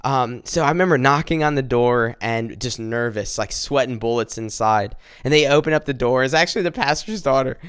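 A man earnestly telling a personal faith testimony, halting and restarting as he speaks directly to his listeners. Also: mid-range voice, a bit bright, smooth, no room sound, studio quality.

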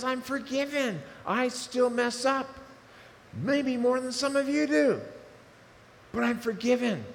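Male pastor, high voice, passionate sermon delivery in a reverberant hall. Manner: animated, swings from loud fervor to hushed asides. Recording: reverberant hall with faint noise.

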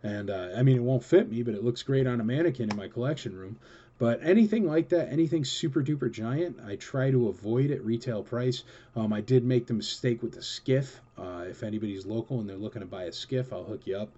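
A man chats casually as a show host, working through viewer questions in a rambling, enthusiastic way. His voice is mellow and relaxed. The recording sounds slightly dull and lo-fi. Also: mid-range voice, a little fast. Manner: rambling and enthusiastic, with many fillers. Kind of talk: casual chatty Q&A.

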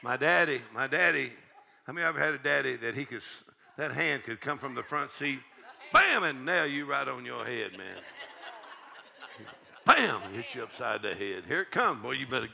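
A man preaching in a church service, his voice gravelly and piercingly bright. He rises into fiery shouted exhortation and drops into folksy storytelling, with his pitch leaping and falling widely. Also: lively intonation, normal speed, a little hiss or hum. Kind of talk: sermon.

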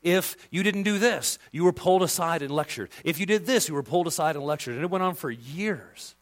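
Man preaching a sermon, fairly high voice, very lively pitch, passionate, hushed then loud. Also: a little fast. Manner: impassioned, swings from hushed to loud emphasis. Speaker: pastor.

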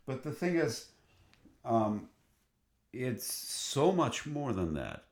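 A choral singer with a medium-pitched voice that swings widely in pitch, recorded with reverb. He eagerly tells a conversational story but speaks haltingly, with many fillers and restarted sentences.

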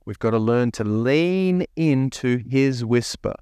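A man's voice: medium pitch, expressive, takes it slowly, mellow, clear, resonant tone, dry recording, clean studio sound. A male pastor preaching a sermon, asking the congregation rhetorical questions and reading scripture aloud. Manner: reads scripture aloud, voicing the prophet's lines.

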